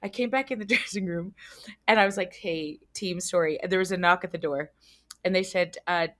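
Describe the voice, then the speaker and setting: Woman, low-pitched, child psychologist guest, frank, animated storyteller, swears, acts out scenes. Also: moderate pace.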